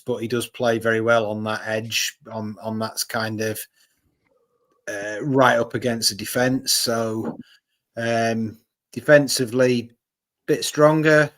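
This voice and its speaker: A man on a football podcast panel, talking hesitantly with many fillers and restarts. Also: fairly low pitch. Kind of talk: casual football podcast chat.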